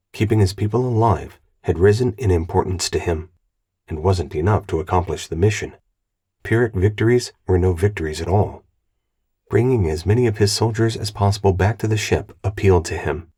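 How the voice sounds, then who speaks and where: A man reading an audiobook aloud in an even, measured narration. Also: low-pitched, breathy edge. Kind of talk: scripted narration.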